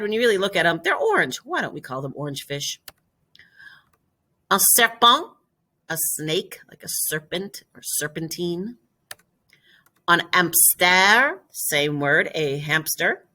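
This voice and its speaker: A woman teaching a French vocabulary lesson, explaining step by step and repeating each word slowly and clearly. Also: on the low side, sharp tone. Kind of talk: classroom lesson video.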